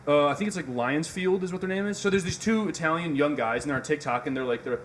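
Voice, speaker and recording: A man's voice: a little high, fairly bright tone, slight background noise. A young man with a Midwestern accent ranting on a casual podcast, swearing and laughing as he makes his point. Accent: Midwestern American. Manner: fast, swearing, laughing, emphatic. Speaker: podcast host.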